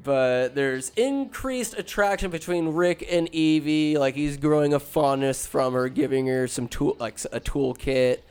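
A man's voice: on the high side, measured pace, few pauses, a little mellow, clear, resonant tone, soft background music. A man casually retelling a movie plot, rambling and joking with profane, slangy asides. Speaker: film recapper.

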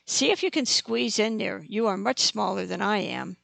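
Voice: medium pitch, moderate pace, creaky, fairly bright tone, no echo. A narrator reading an audiobook, voicing an eager, protective young man. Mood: tense.

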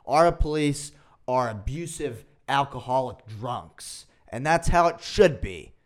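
A man's voice: medium pitch, lively intonation, slow. Sarcastic man hosting a podcast. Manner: sarcastic, mocking asides. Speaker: podcast host. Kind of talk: casual chat.

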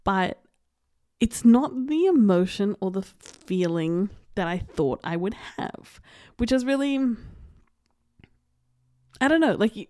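A woman's voice: medium pitch, animated, slow pace, long pauses, a little mellow, dry recording, studio quality. A young woman hosting a podcast, chatting casually and rambling with lots of "like" and asides. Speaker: podcast host. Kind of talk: casual chat.

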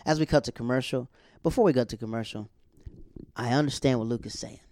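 A man gives a casual, animated recap of a TV episode, chatty and colloquial, often laughing. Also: medium pitch, fast, no echo, studio quality. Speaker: TV show recap vlogger.

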